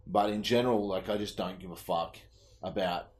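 A man's voice: low-pitched, normal speed. A middle-aged man co-hosting a casual gaming podcast, blunt and laid-back, swearing freely. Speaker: podcast co-host.

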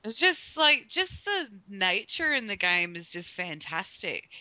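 Very bright smooth voice, chill and umming a lot, dry muffled audio. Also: medium pitch, a little slow, dry recording. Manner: relaxed, hesitant, many fillers. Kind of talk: casual chat about a video game. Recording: dry dull lo-fi recording.

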